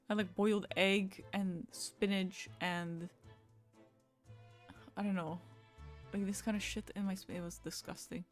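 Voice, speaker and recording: Chatty woman streamer who laughs often. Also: mid-range voice. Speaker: live streamer. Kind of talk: casual live-stream chat while gaming.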